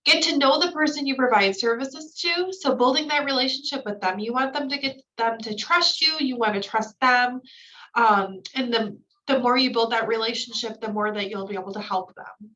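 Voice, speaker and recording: A woman's voice: a little high, moderate pace, pushed and bright, recorded from a distance, dull audio. A woman trainer going through slides in a recorded training lecture, explaining each point with casual fillers.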